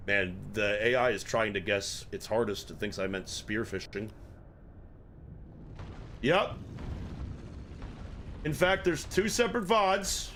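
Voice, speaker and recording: A man's voice: lowish voice, animated, slow pace, pauses often, fairly bright tone, slight background noise. A man streaming a game live, swearing in frustration and chatting with his viewers. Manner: profane, exasperated, chatting with viewers. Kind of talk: live gameplay commentary.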